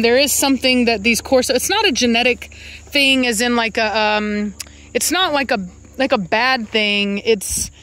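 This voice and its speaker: A woman who breeds dogs, chatting casually to viewers in a rambling, self-correcting way. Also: fairly bright tone. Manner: rambling, self-correcting, calls out to her dogs in a high coaxing voice. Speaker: dog breeder and channel host. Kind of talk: casual vlog talk to viewers.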